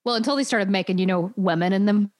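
A woman guest on a casual podcast, animated and laughing between remarks. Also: mid-range voice, fast talker, a crowd in the background. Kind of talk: casual chat.

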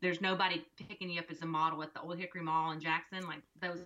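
A woman, a mother and co-host, chatting casually and telling an animated story in which she acts out the dialogue. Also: lowish voice, fast. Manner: expressive, acts out quoted dialogue. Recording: dull lo-fi recording.

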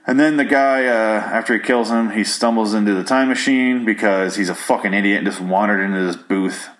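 A man's voice: lowish voice, a bit bright. A man giving a rambling, profane, sarcastic recap of a movie, now and then putting on silly voices for its characters. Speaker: film recap commentator. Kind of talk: casual solo movie recap.

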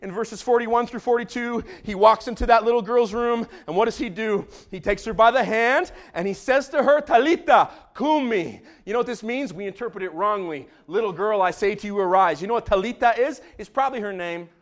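A man preaching a sermon as pastor in a church, swinging from hushed tones to shouting. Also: high voice, fairly quick, few pauses. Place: church sanctuary.

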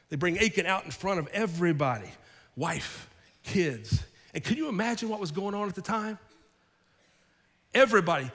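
A man preaching a sermon with a fairly high voice. He tells the story vividly, acting out the people in it. His voice rings with the long reverb of a large hall. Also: pushed and bright. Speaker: pastor.

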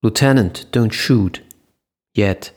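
A male narrator voicing a calm, diplomatic male doctor who tries to settle things down. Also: lowish voice, slow. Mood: placating. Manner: calming, reasonable.

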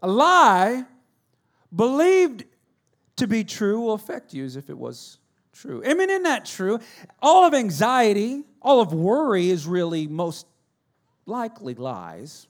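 High-voiced pastor preaching with humor. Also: male voice, huge pitch swings, measured pace. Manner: humorous storytelling, swinging between loud and hushed. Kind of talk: sermon.

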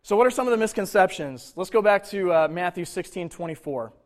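A male pastor preaching in a relaxed, conversational manner, his voice sitting a little higher than most men's. He mixes scripture reading with casual asides and questions to the congregation. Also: fairly quick. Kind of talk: sermon.

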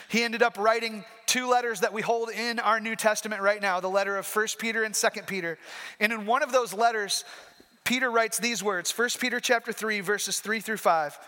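High, bright-voiced preacher. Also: male voice. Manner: emphatic, repeats key points. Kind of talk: sermon. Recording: reverberant hall.

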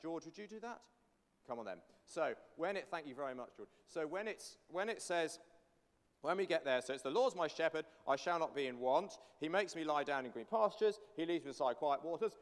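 A man leading a church congregation through a psalm, coaxing them to repeat lines after him. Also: on the high side. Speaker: pastor. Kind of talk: interactive sermon teaching a psalm. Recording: long church reverb.

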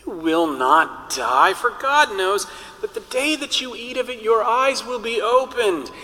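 A male priest voicing the serpent devil as a sly, hushed tempter during a sermon. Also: extremely high pitch, lively intonation, measured pace, long reverb tail, pitched above the performer's own voice, full character voice. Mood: coaxing.

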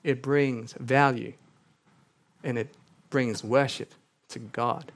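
A man's voice: mid-range voice, takes it slowly. A male pastor preaching a sermon, earnest, with joking asides and scripture read aloud. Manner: lively, joking asides between earnest points; reads scripture aloud with rising intensity.

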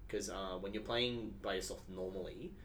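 Low-voiced man explaining calmly. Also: a little hiss or hum. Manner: measured, explanatory, hesitant. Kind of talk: casual chat about games.

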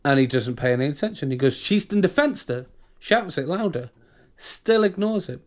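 A man's voice: on the high side, expressive, brisk. A British man co-hosting a podcast in casual chat, ranting and often restarting his sentences. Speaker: podcast co-host.

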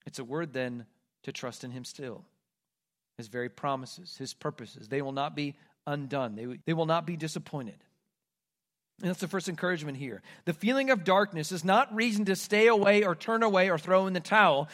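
A man preaching a sermon, reading scripture aloud and moving between loud, pleading cries and hushed, quiet lines. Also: a little high, normal speed. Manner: reads scripture aloud with emphasis. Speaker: pastor.

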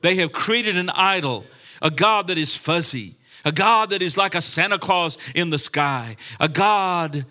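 A man's voice: sits high, lively intonation, a little slow, pushed and bright. A man preaching a sermon with impassioned delivery and frequent restarts. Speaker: pastor.

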